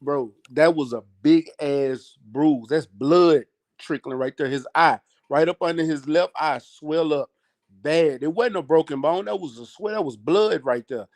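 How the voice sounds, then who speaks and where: A man with a fairly high speaking voice argues about a fight in a loud, emphatic way. He talks slangy and casual and hammers his points home by repeating them. It sounds like a heated podcast chat. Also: a little slow. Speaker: boxing podcast co-host.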